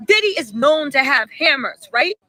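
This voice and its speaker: A woman's voice: sits high, sing-song, normal speed, sharp tone, rough recording. A woman hosting a casual live stream, chatting animatedly, reading out viewer messages and firing off emphatic rhetorical questions.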